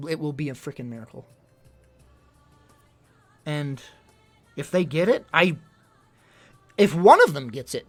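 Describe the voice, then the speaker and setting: A young man venting in casual livestream chat, rambling and exasperated, full of fillers. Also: a little high.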